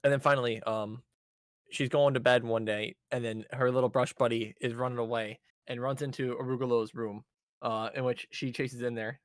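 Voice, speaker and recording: A man's voice: mid-range voice, little pitch movement, moderate pace, no room sound. Man, podcast co-host, casual recap, rambling delivery, dry sound. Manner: rambling recap with fillers and swearing, acting out character lines. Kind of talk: casual chat.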